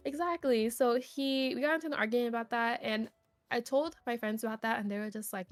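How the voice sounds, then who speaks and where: A woman's voice: fairly high pitch, fairly quick, no echo, faint music behind. A young woman, a streamer guest on a podcast, rambling through a personal story and filling it with "like". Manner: rambling, heavy use of "like", animated retelling. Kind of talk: casual storytelling chat.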